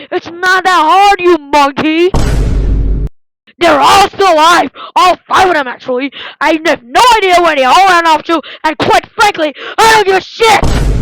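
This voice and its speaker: A woman doing a solo fan dub of an animation, voicing every character with lots of yelling and screaming, through a deliberately overdriven mic. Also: very high voice, expressive, no echo, heavily acted, poor audio. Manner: yelling, screaming, dramatic shifts between roles. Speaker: fan voice-over artist. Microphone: deliberately distorted cheap mic.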